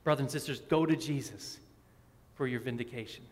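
A man's voice: mid-range voice, brisk. A man preaching a sermon as a pastor. He asks rhetorical questions and drives his points home by repeating phrases. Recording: long reverb of a large hall.

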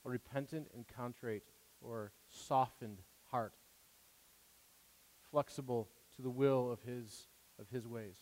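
A man's voice: medium pitch, fairly even intonation, slow, long pauses, a little mellow. A man preaching a sermon in an earnest, conversational way, stopping and restarting, acting out quoted prayers. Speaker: pastor. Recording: long hall reverb.

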